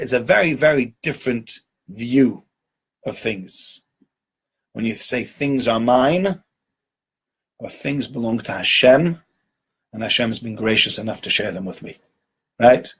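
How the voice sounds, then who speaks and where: A rabbi gives an informal, conversational Torah talk, often checking in with "right?" and repeating words for emphasis. His voice is medium-pitched with a breathy edge.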